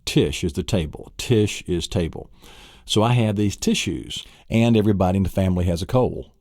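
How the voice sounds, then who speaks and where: A man's voice: deep voice, normal speed, darkish tone, no echo, clean studio sound. A man from Tennessee with a Southern US accent, teaching vocabulary on a memory-training tape and quizzing the listener with vivid mental images. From Tennessee, USA. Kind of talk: recorded vocabulary lesson.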